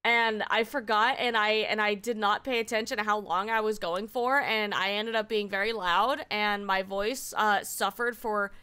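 Woman streamer, casual chat, excitable, foul-mouthed; crisp, ringing voice, voice still recovering from strain. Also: mid-range voice, moderate pace, hardly any pauses. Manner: excitable and heavily profane.

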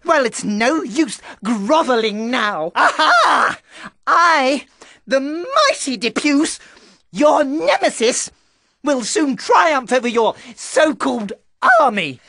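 A squeaky, gloating rat lord. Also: pushed and bright, no room sound, clean studio sound, full character voice. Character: scheming, boastful male rat lord. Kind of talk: video game villain voice acting.

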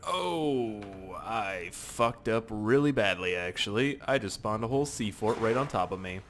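Profane, excitable gaming man. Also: on the low side, unhurried, slight background noise. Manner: profane, excitable, rambling self-talk. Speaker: gaming YouTuber. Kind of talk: casual gameplay commentary.

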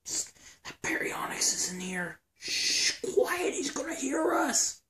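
A man voicing a bossy, nervous male dinosaur scammer, in whispered role-play, hushing and scolding his partner. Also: fairly high pitch, big pitch swings, takes it slowly, echoey room, a little hiss or hum, heavily acted. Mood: hushed. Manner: hushed and scolding, then pleading.

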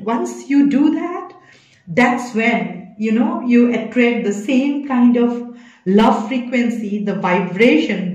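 A woman giving a spiritual tarot reading, speaking softly and emotionally, consoling her listeners with many pauses and fillers. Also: medium pitch, reverberant, muffled recording. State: emotional, holding back tears. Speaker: tarot reader.

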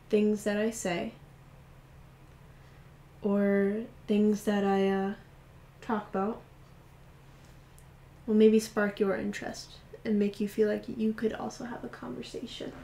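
A woman's voice: medium pitch, mellow. A young woman chatting casually and reflectively to camera, rambling with many fillers. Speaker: vlogger. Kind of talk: casual vlog chat. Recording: echoey room.

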